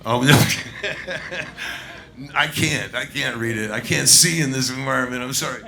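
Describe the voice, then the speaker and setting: A man's voice: mid-range voice, moderate pace, creaky, bright, forceful tone. A man, a bandleader emceeing a live tribute on a small pub stage, loose and coaxing with the crowd.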